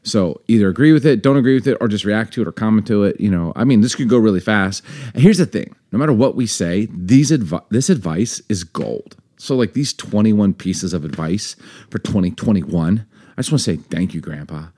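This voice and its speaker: A low-pitched man talking in a casual podcast chat. His voice swings widely in pitch as he jokes and tosses off quick asides. He sounds animated throughout. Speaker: podcast co-host.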